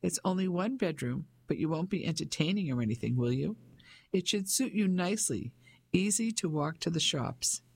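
A man's voice: on the high side, animated, normal speed, vocal fry, darkish tone, breathy edge, no room sound, exaggerated voice. A man voicing a pompous fifty-five-year-old businessman in an audiobook, speaking in a blustering, patronizing way. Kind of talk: audiobook character voice.

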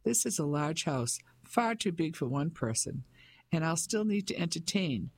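A man's voice: a little high, lively intonation, moderate pace, creaky, a little mellow, a little hiss or hum. A man voicing a pompous fifty-five-year-old businessman in an audiobook, speaking in a blustering, patronizing way. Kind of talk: audiobook character voice.

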